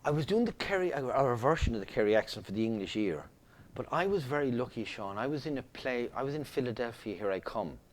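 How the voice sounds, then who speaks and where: Middle-aged Irish actor, chatty guest, animated and rambling. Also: male voice, medium pitch, fast talker. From Ireland. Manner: animated storyteller, many restarts. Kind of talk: casual interview chat.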